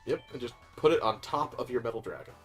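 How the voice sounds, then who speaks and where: A man's voice: mid-range voice, fast talker, a bit bright, faint music behind. A man from the Midwest explaining game mechanics and coaching his co-host in casual chat. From American Midwest.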